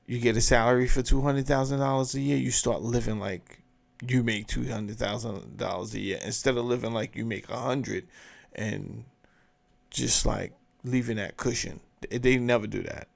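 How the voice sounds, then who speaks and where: A man's voice: medium pitch, steady tone, normal speed, vocal fry. A man hosting his own show, giving blunt, profane, emphatic commentary in a casual rant. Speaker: show host commenting on a clip.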